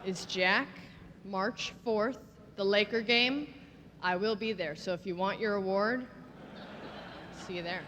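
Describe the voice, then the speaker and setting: A woman's voice: mid-range voice, slow, long pauses, heavy background noise. A woman presenting at an awards show, telling a playful, gossipy comic story on stage. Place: large theater stage. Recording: echoey hall with a loud audience.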